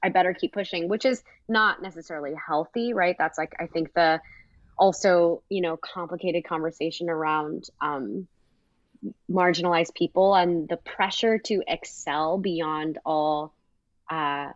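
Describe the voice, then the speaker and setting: Animated woman co-host, slightly dull sound. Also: a little slow, dry recording. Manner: animated, laughing, jumps to high exclamations. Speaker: podcast co-host. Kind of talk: casual podcast chat.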